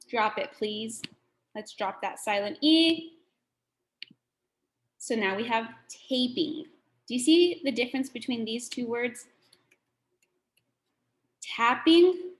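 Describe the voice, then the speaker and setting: A woman teaching a children's phonics lesson, sounding out words slowly and patiently. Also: a little high.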